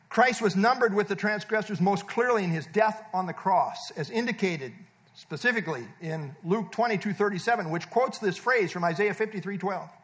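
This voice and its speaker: A man's voice: sits high, fairly bright tone. A man preaching a sermon, emphatic and teaching, stressing points by repeating words. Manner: teaching, explains verb tenses and verses. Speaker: pastor.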